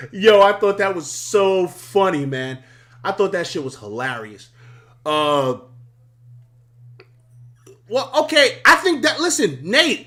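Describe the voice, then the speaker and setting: On a live sports talk stream, a high-pitched male host gets worked up and profane, laughing frequently and repeating himself in a voice worn out from yelling.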